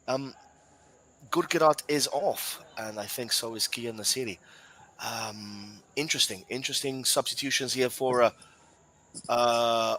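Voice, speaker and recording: A man's voice: mid-range voice, moderate pace, fairly bright tone, rough recording. A man from Gibraltar giving live football match commentary, chatty and talking straight to his co-commentator and the viewers.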